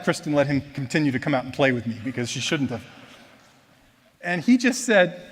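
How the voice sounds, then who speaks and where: A man giving a personal testimony at church, telling his story in a conversational, self-deprecating way that moves between lively retelling and quiet reflection. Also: mid-range voice, normal speed, slightly rough, in a large hall. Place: church auditorium.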